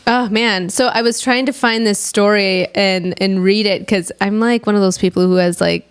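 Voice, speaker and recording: Earnest woman telling a story softly. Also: mid-range voice, fairly even intonation, normal speed, smooth. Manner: earnest storyteller, acts out quoted voices, drops to soft whispers. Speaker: podcast co-host. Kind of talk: casual reflective chat.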